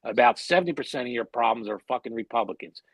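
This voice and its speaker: A man's voice: mid-range voice, animated, fast talker, husky, no room sound. A man co-hosting a podcast, talking bluntly and heatedly with heavy swearing. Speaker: podcast co-host. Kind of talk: casual podcast chat.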